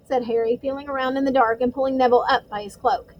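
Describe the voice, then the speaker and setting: A woman narrating a storybook chapter in a measured, suspenseful way. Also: high-pitched, steady tone, slight background noise, poor audio. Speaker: audiobook reader.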